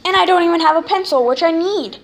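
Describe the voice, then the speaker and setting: A woman's voice: extremely high pitch, quick pace, rough recording. A sixth-grade girl chatting casually in a home vlog, rambling and filling gaps with "anyway". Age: child, sixth grader. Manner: rambling, keeps saying anyway. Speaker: vlogger.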